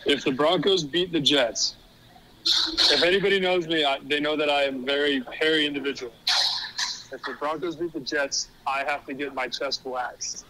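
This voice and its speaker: A man's voice: fairly high pitch, fairly even intonation, normal speed, bright, forceful tone, slight background noise, poor audio. A man calling in to a podcast as a guest, talking in an earnest, good-humored way. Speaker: phone-in guest. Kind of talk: casual conversation.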